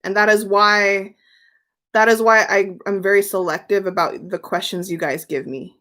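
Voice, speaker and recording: A woman's voice: mid-range voice, steady tone, moderate pace, pushed and bright. Chatty woman hosting a tarot live stream. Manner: chatty, candid, reads viewer questions aloud and answers them. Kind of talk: casual live stream chat answering viewer questions.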